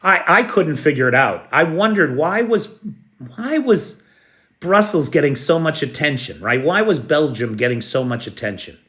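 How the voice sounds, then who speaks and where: A man's voice: fairly high pitch, expressive, moderate pace, bright, forceful tone. An American man hosting a live news stream, blunt and sarcastic, who swears now and then and talks directly to his chat viewers. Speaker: livestream news host. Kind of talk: unscripted live news commentary.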